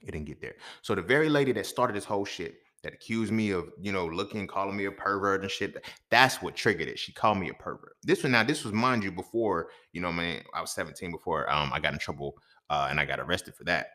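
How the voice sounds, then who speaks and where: A man hosting a podcast, telling a story in a casual, profane monologue that swings between loud outbursts and quiet asides. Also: sits low, animated, quick pace. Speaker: podcast host.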